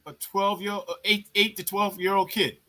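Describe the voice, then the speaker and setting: A man with a high, bright, forceful voice tells war-era army stories in a loose, profane chat style. He jumps into other people's voices as he goes, animated and blunt. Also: moderate pace. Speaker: army veteran telling a story. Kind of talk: casual storytelling on a live chat.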